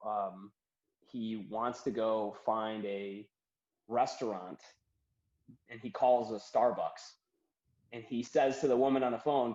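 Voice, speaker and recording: A man, a comedian and author, chatting as a podcast guest, rambling and animated as he tells stories and acts out quotes. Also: lowish voice, slow, pauses often. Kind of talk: casual podcast conversation. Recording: dull roomy remote audio.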